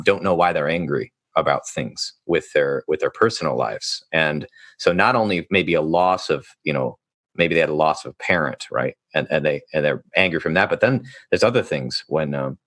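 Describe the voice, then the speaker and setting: A man's voice: extremely low pitch, fairly bright tone, dry recording, clean studio sound. A male therapist hosting a podcast interview, talking in a thoughtful, rambling way with many fillers and restarts. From United States.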